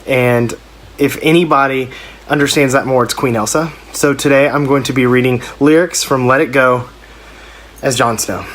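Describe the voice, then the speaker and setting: A man's voice: mid-range voice, steady tone, normal speed, a bit bright, slight background noise. A man co-hosting a podcast, rambling and joking with many hesitations. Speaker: podcast co-host. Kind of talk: casual chat.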